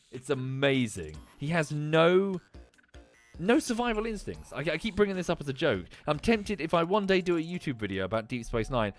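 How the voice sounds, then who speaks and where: A man in his thirties rambles through a casual stream chat with a lively, swooping pitch. He swears freely and restarts his sentences often. Faint music plays behind him. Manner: animated, swearing, frequent restarts.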